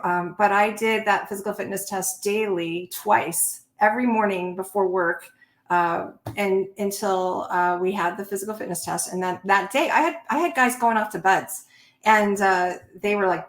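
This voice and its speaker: A middle-aged woman, a former Navy officer, tells stories from her career in a lively, conversational way and breaks into laughter between them. Her voice sits at an ordinary pitch for a woman. The recording has a noticeable room echo. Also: normal speed. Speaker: Navy veteran guest. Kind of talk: conversational interview storytelling. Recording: roomy echo.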